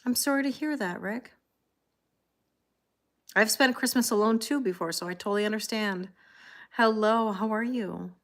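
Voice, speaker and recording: A woman's voice: mid-range voice, moderate pace, pauses often, fairly bright tone. A middle-aged woman with a Canadian accent, chatting with viewers by name and reading tarot on a live stream. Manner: chatty, greets viewers by name, reads out comments. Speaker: tarot reader.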